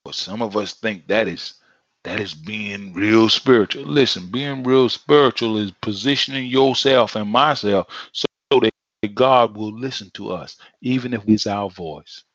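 A man's voice: on the low side, a little slow, fairly bright tone, no echo. A man preaching a sermon in a conversational, emphatic way, repeating phrases for effect. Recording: dull lo-fi sound.

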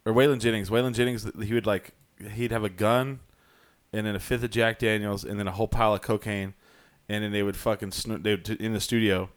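A man's voice: fairly low pitch, steady tone, fast. A man hosting a podcast, chatting casually and swearing freely. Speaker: podcast host. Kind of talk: casual chat.

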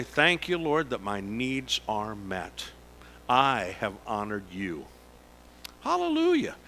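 A man, a pastor preaching a sermon in a slow, emphatic way with sudden lifts in pitch. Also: bright, forceful tone, slight background noise, low-quality recording.

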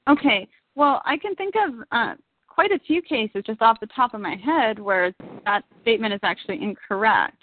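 A woman's voice: fairly high pitch, animated, moderate pace, no echo. Hesitant woman on a tinny line. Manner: hesitant, full of fillers. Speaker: panel guest promoting supplements. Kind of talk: panel talk show debate. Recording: dry tinny phone-like sound.

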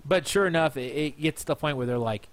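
A man's voice: fairly high pitch, fast talker. A tipsy man hosting a podcast, telling a long story in a rambling way, repeating himself and restarting his phrases. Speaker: podcast host. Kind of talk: casual storytelling monologue.

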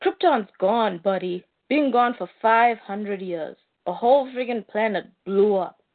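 A woman's voice: mid-range voice, expressive, measured pace. A woman voicing a brash, crude male alien bounty hunter in a comic-book recap, boastful and mocking, on a narrow phone-like line. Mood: taunting.

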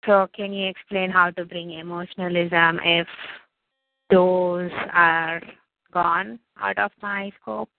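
A woman on a call speaks hesitantly and candidly, in slow, halting phrases. Her voice is lowish and flat, with little rise and fall. The sound is dry and tinny, like a phone line. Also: vocal fry, dry recording. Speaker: call participant.

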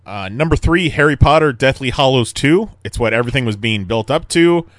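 A man co-hosting a casual podcast, animated, laughing often and swearing casually. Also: medium pitch, fairly quick, no echo, clean studio sound. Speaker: podcast co-host.

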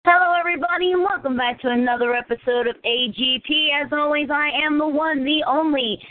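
A chatty woman from hosts her podcast in a higher voice and jokes about herself as she goes. The sound is thin and phone-like, dry with no room. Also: fairly quick, no room sound. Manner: chatty, self-joking. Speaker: podcast host. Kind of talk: casual interview chat. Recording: tinny, phone-like dry audio.

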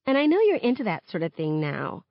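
A woman reading a novel aloud, voicing a brash, defensive teenage girl teammate who talks loud and sharp. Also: fairly low pitch, huge pitch swings, brisk, creaky, no room sound, muffled recording, heavily acted. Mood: indignant.

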